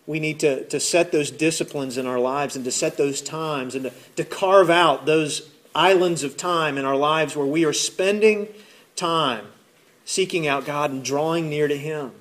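A male pastor delivers a sermon in a relaxed, conversational way, often doubling up words as he gathers his thoughts. His voice sits a little higher than most men's. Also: unhurried. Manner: acts out listeners' voices in his retelling.

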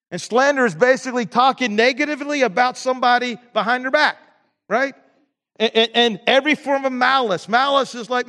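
A man's voice: very high-pitched, brisk, a bit bright, in a large hall. A pastor delivering an emphatic sermon in a church, repeating words and restarting his sentences. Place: church sanctuary.

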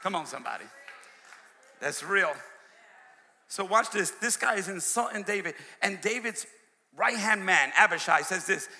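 A male preacher delivering a sermon, swinging from shouts to hushed asides and calling out to his congregation. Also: high-pitched, animated, normal speed, pauses often, long reverb tail. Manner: call-and-response preaching, shouting and dropping to a hush. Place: church sanctuary.

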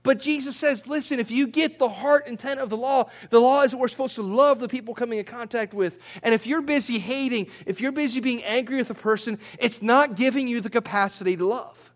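A man's voice: very high voice, fairly quick, hardly any pauses. A man preaching a sermon as pastor, in a conversational way that often repeats words and rises when he presses a point.

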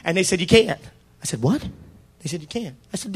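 A man's voice: high voice, fairly quick, husky. A middle-aged male pastor preaching a story-driven sermon, acting out the dialogue in changing voices. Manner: animated, acts out dialogue with shifting voices.

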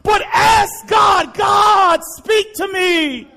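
A male pastor preaching a sermon, impassioned and repetitive, often shouting to the congregation. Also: very high voice, drawn-out words, vocal fry, some chatter behind.

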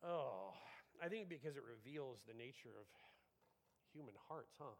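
A man preaching a sermon in an animated, conversational way, acting out the quotes he tells. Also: mid-range voice, normal speed, big-room sound.

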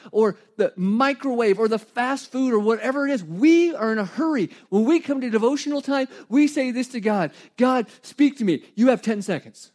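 A middle-aged man preaching a sermon in a conversational, animated way, with asides and light humor. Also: very high-pitched. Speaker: pastor.

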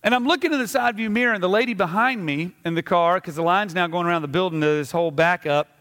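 A middle-aged man, a pastor, preaching a sermon and telling a story with animated, acted-out asides. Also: high-pitched, quick pace. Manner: animated storytelling, acting out scenes. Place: church sanctuary. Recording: reverberant church sanctuary.

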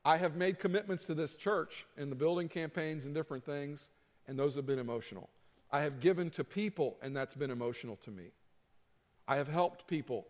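A middle-aged man preaching a sermon as pastor, earnest and conversational, slipping into quoted voices of others. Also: on the high side. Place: church sanctuary. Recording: long reverb of a church hall.

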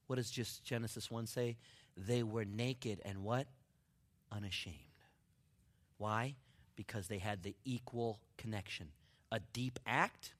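A man preaching a sermon in a conversational, humorous way, dropping to near-whispers and then rising to excited shouts. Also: lowish voice, unhurried, long pauses. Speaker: pastor.

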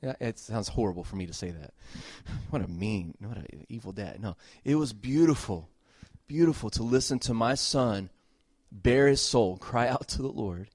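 Speaking at normal speed with few pauses, a middle-aged pastor with a fairly low pitch preaches in an animated, earnest, emphatic way. He repeats phrases and moves from loud exhortation to soft, tender talk, recorded at studio quality with no echo.

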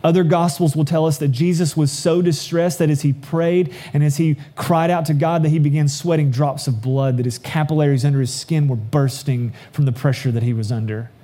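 A man preaching a sermon, reading scripture aloud and explaining it earnestly, slowing down for emphasis. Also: fairly high pitch, steady tone, dark tone. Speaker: pastor.

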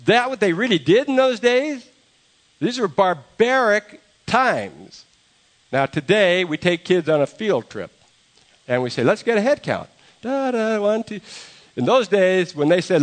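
Animated man preaching a conversational sermon. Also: high-pitched. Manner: animated storytelling with asides. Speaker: pastor.

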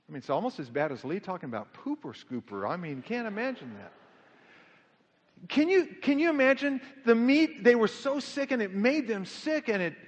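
A man preaching a sermon in an animated way, swinging his pitch up and down to act out quotes. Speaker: pastor. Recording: dull lo-fi sound with long hall reverb.

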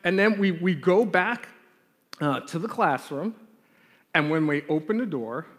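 A man telling a lively childhood story in a sermon and then leading a prayer, acting out the scenes as he goes. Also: a little high, measured pace. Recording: long hall reverb.

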